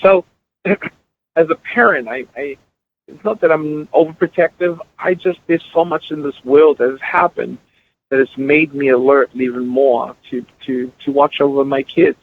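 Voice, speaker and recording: A man's voice: fairly high pitch, fairly even intonation, unhurried, a little hiss or hum. A middle-aged man, a guest musician, telling stories emphatically and repeating words as he builds his point, heard over a tinny line. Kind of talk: earnest storytelling in conversation.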